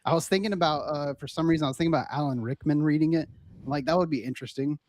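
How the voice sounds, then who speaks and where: A man co-hosting a casual podcast, telling a rambling story. His voice sits a little high and he drifts between thoughts. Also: very fast, darkish tone. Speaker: podcast co-host. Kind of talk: casual chat.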